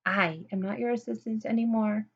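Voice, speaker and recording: A woman voicing a calm, polite schoolboy who speaks matter-of-factly. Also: on the high side, normal speed, husky, muffled recording.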